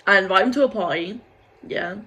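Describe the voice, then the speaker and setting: A woman's voice: medium pitch, a little fast, fairly bright tone, muffled recording. A young woman vlogging casually, venting in a frustrated, rambling way, swearing often and filling her speech with "like". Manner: frustrated, rambling, swears, heavy use of 'like'. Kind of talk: casual vlog rant.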